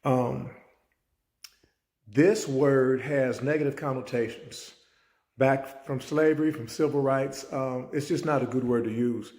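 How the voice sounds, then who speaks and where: A man's voice: medium pitch, fairly even intonation, unhurried, darkish tone, echoey room. A man who is a teacher and mentor, telling a story as a life lesson and acting out the dialogue. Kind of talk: spoken life-lesson talk.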